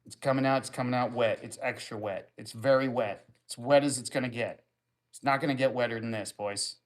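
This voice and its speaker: A man's voice: medium pitch, fairly even intonation, a little fast. A man hosting a livestream, reading viewer comments aloud and answering them with crude, rambling jokes in easy casual chat. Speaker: livestream host.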